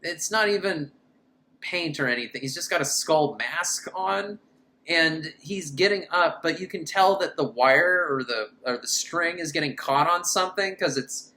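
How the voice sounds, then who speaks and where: A woman's voice: deep voice, a little slow, pushed and bright, a little hiss or hum. A woman recapping a bad film with sarcastic, incredulous commentary. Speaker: film reviewer. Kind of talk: comedic movie recap.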